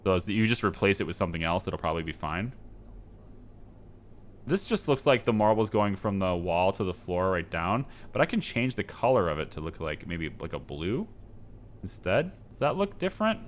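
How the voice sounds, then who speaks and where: Low, lively indecisive gaming commentator. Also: male voice, moderate pace, slight background noise. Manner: rambling, indecisive, self-mocking. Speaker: gameplay streamer. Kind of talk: casual gameplay commentary.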